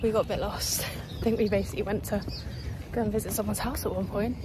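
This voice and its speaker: Young girl vlogging on her phone, lots of "like", mid pitch, noisy audio. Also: steady tone, fast talker. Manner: chatty, filler-heavy, says "like" often. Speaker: travel vlogger. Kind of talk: casual vlog chat to camera. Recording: noisy handheld vlog audio.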